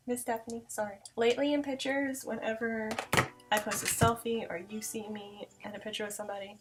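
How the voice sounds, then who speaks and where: A young woman vlogger chats through a casual Q&A at a medium pitch, with lots of "like" in her talk. She retells events in an animated way, and faint music plays quietly behind her. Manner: chatty, fillers of "like", animated retelling. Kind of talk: casual Q&A storytelling.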